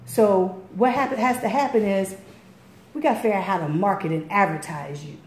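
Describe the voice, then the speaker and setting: A woman with a Baltimore accent telling a story in casual chat as a radio interviewer, acting out quotes with big jumps in pitch. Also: fairly quick. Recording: echoey room, faint noise.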